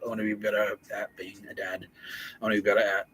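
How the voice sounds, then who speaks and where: Low-voiced, bright, swearing comedy podcaster. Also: male voice, flat delivery, fast talker, breathy edge, rough recording. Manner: rambling, heavy swearing, jokey. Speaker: podcast host. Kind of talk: casual comedy monologue.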